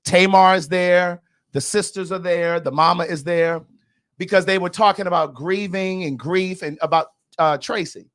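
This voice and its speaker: A man's voice: high voice, a bit bright. A man hosting a podcast, giving blunt, sassy, gossipy commentary in a casual chat. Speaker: podcast host.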